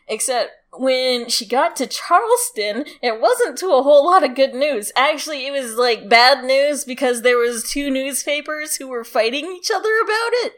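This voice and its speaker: A woman's voice: high voice, animated, moderate pace. A woman co-hosting a podcast, telling a story in casual chat, giggly and swearing freely. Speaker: podcast co-host.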